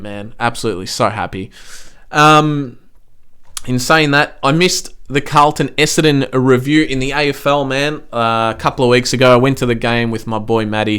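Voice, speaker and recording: A man hosts a casual sports podcast, his voice smooth and resonant at a middling pitch. He swears freely, tacks "man" onto nearly every sentence, and climbs into heated, indignant bursts. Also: a bit bright. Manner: swears freely, says "man" constantly, gets worked up. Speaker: podcast host.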